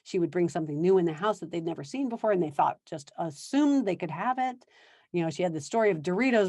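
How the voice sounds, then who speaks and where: A woman's voice: medium pitch, lively intonation, normal speed, darkish tone, no echo. A woman talking as a parenting coach in an earnest, conversational podcast style, laughing now and then. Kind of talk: podcast talk.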